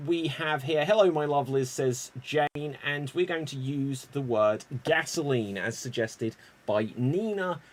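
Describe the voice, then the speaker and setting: A man hosting a live online improv show, introducing players with upbeat, joking lines. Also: mid-range voice. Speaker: host.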